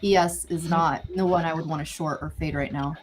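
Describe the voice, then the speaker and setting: A woman's voice: low voice, steady tone, a little fast, faint music behind. A woman hosting a live trading stream, thinking aloud about the market in a chatty, easygoing way. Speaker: host trader. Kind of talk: casual live trading commentary.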